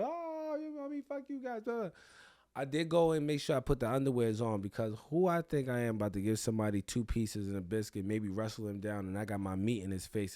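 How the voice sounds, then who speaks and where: Recorded cleanly in a studio with no echo, this young podcast host speaks in a lowish voice. He's animated and foul-mouthed, bragging his way through a crude comic story.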